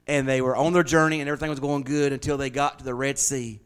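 A man preaching a sermon as pastor, swinging from loud, rising declarations to hushed, confiding stories. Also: medium pitch, level tone, fast talker, clear, resonant tone.

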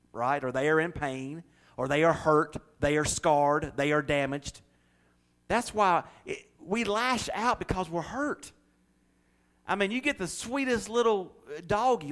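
A man preaches a sermon, his voice sitting a little higher than most men's. He spins homey anecdotes, acting out the people he quotes, and builds to emphatic, rousing stretches. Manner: folksy storytelling, acts out quotes, builds to loud preaching. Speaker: pastor.

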